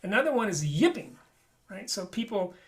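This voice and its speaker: A man's voice: sits high, sing-song, moderate pace, loud music behind the voice. A man teaching a flute lesson in a webinar, talking conversationally and often checking in with "right?". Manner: demonstrates and explains playing habits.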